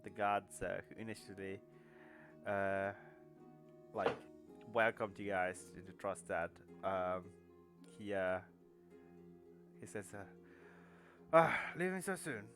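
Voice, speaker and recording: A man narrating as game master in a tabletop game, pausing often with fillers. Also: low-pitched, little pitch movement, fairly bright tone, faint music behind. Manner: hesitant, filler-heavy narration.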